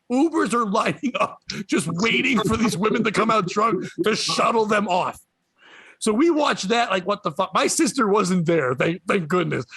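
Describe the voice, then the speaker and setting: A comedian telling a story on a podcast, swearing a lot and ranting with animated energy. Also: male voice, high voice, breathy edge, no echo. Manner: profane, animated rant.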